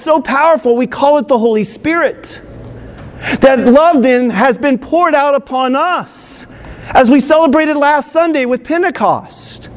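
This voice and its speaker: A priest preaching a homily in a strikingly high voice. He gets excited and stresses words, slowing right down on the key phrases. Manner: excited, emphatic preaching with slow drawn-out phrases.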